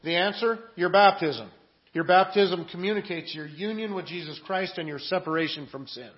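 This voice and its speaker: A man preaching a sermon in an earnest style, moving from quiet asides to loud, emphatic readings of scripture. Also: high voice, moderate pace, muffled recording. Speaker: pastor.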